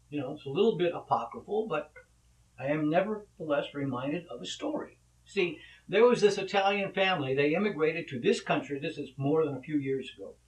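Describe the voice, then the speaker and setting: A man hosting a casual vlog, talking conversationally with rambling asides. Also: a little high. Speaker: vlog host, actor. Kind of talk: casual monologue and joke telling. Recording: echoey room, mic at a distance.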